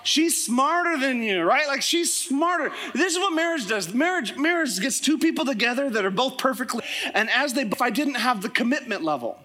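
A man preaching a sermon as pastor, telling joking stories in a lively way to his congregation. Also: extremely high pitch, moderate pace. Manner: animated, joking storytelling. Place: church service with congregation.

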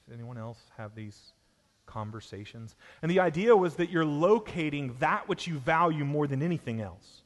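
A man with a Southern US accent preaching a sermon as pastor, emphatic and shifting between hushed and loud passages. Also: a little high, lively intonation, normal speed. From Southern United States. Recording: long hall reverb.

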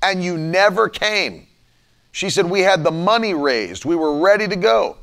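A man's voice: high voice, lively intonation, a little slow, creaky, a bit bright. A man preaching a livestreamed sermon, fervently repeating lines with rising emphasis.

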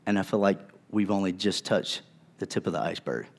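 A man's voice: low voice, brisk. A male pastor preaching a sermon in a conversational, earnest way, with casual asides to his congregation.

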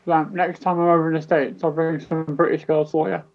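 A man's voice: fairly high pitch, level tone, brisk, muffled recording. A man from the United Kingdom joining a voice chat with friends, cracking teasing jokes and arguing lightly about wrestling news. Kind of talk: casual banter.

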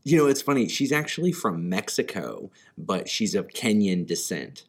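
A man's voice: lowish voice, sing-song, moderate pace. A man co-hosting a film podcast, talking casually with hesitant, rambling sentences full of fillers. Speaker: podcast co-host.

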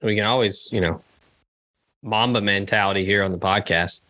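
A man co-hosting a podcast in loose, joking chat, swearing freely and tossing in quick asides. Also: lowish voice, sharp tone. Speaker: podcast co-host. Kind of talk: casual chat.

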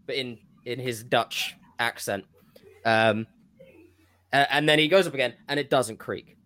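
Rambling man pitching wrestling ideas. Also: moderate pace, a bit bright. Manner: rambling, self-interrupting. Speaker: podcast co-host. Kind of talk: casual wrestling fantasy-booking chat.

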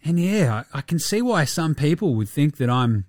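A mock-solemn athlete voiced by a man drones through a stiff, contrived apology. The voice drops low and quiet for the parody. The sound is dry and close. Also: big pitch swings, moderate pace, no room sound, soft background music.

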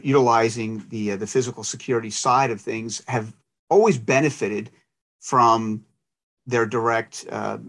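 Man in his 50s, mid-pitched voice, conversational interview guest. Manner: conversational, with fillers. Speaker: guest, security industry professional. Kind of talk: casual interview chat.

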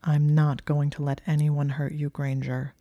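A woman's voice: flat delivery, measured pace, dark tone, no echo, highs cut off. Draco Malfoy, a protective young wizard, as a woman reads him. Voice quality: low murmured delivery. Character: young man wizard, protective and possessive, gruff.

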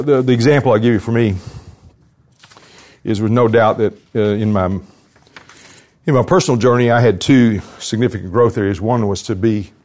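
An older man with a lowish, slightly mellow voice gives an earnest devotional talk in a conference hall. He tells a personal story and closes in prayer.

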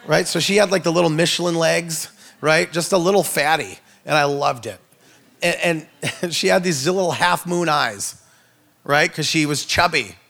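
A man in his thirties, a preacher, telling funny family stories in a sermon, joking and acting out voices with big jumps in pitch. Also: creaky, fairly bright tone. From Norway. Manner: playful, jokey, acts out quotes with big pitch jumps. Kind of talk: comedic sermon storytelling.

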